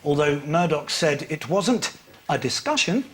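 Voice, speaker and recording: A man's voice: fairly high pitch, sing-song, a little slow, heavy background noise. Wry male panel show host. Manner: dry, wry delivery of scripted jokes. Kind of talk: comic panel show hosting. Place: TV studio with live audience.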